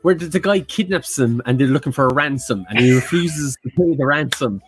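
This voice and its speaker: A man's voice: medium pitch, animated, a little fast, husky. A man co-hosting a live quiz stream, chatting playfully and fooling with his mic. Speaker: quiz show co-host. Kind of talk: casual live-stream chat.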